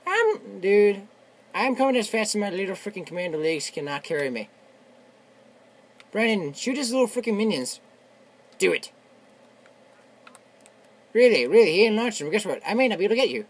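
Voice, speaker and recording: A young man giving casual, excitable commentary while playing a video game, shouting and swearing, his voice worn from yelling. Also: sits high, moderate pace, long pauses, husky. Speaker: gamer. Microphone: tablet on a desk.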